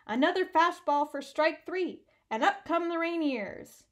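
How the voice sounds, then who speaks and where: A woman reading aloud voices an old-time male radio baseball announcer with a nasal voice and brisk play-by-play patter. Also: extremely high pitch, animated, fairly bright tone, voice pushed up, exaggerated voice. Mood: excited.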